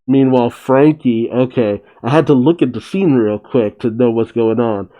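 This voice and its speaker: A man's voice: medium pitch, steady tone, moderate pace, muffled recording. A man casually recapping a comic chapter, chatty, laughing often and correcting himself. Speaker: manga reaction host.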